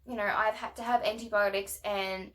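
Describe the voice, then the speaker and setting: A woman's voice: mid-range voice, fairly even intonation, normal speed, a bit bright. A young woman venting in a casual rant to camera, blunt and swearing often, emphatic and heated. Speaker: vlogger.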